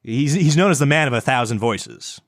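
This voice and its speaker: A man's voice: mid-range voice, lively intonation, moderate pace, no room sound, studio quality. A young man co-hosting a casual podcast, rambling and stammering, swearing often. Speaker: podcast co-host. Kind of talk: casual chat.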